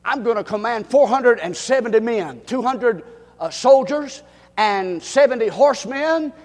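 A man voicing a Roman army commander who calmly lays out orders to move a prisoner under guard. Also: extremely high pitch, a little slow, in a large hall. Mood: commanding.

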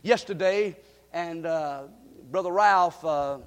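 A man preaching a fervent sermon as pastor, breaking into shouts and folksy asides. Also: on the high side, slow pace. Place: church sanctuary. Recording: long hall reverb.

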